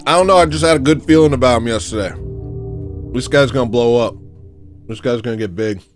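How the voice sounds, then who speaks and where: A man with a mid-range voice hosts a casual livestream at a slightly fast pace over soft background music. He rambles and jokes, reads out viewer messages and donations, and slips into little rhyming riffs.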